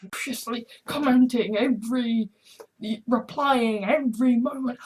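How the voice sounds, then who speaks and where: A man's voice: very high voice, unhurried, darkish tone, slight background noise. A man delivering a ranting commentary monologue, sarcastic and sweary, with many restarts. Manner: sarcastic, mocks others with exaggerated quoted outbursts; swears freely, frequent restarts and fillers. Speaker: online commentator.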